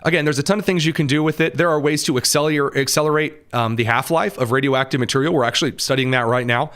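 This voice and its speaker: This Midwestern American man hosts a podcast in a casual, animated commentary style, peppered with sarcastic asides and frequent fillers. His voice is on the high side and he talks fast.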